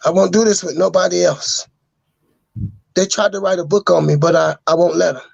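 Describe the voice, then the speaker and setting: A man's voice: high-pitched, steady tone, fairly quick, vocal fry, a little mellow, breathy edge, dry recording, muffled recording. A man speaking as a podcast guest, delivering an earnest, sermon-like message that keeps returning to the same phrases. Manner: insistent, repeating phrases like a sermon. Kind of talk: earnest preaching monologue.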